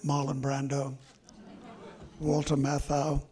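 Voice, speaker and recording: An older man, a memoir author, telling stories from his life slowly and reflectively at a live talk on stage. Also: medium pitch, completely flat delivery, warm tone. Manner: slow and reflective, with drawn-out pauses. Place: stage event before an audience.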